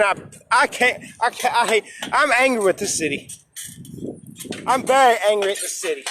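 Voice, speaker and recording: A middle-aged man ranting angrily into his phone outdoors, swearing and yelling over and over. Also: extremely high pitch, noisy background. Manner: profane, yelling, repeating curses. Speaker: vlogger. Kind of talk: angry outdoor live-stream rant. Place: outdoors on a flooded street. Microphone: phone or tablet.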